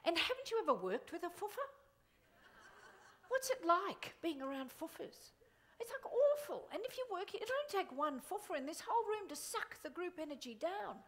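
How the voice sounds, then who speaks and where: A middle-aged woman giving a live motivational keynote to a conference audience, animated and exclamatory. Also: very high-pitched, brisk. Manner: animated, exclamatory, quotes others in funny voices. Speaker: motivational speaker. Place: conference hall before an audience.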